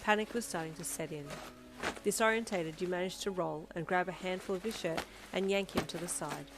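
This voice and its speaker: A woman narrating a fan fiction story in an expressive second-person reading. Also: lowish voice, a little fast, noisy background. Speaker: audiobook narrator.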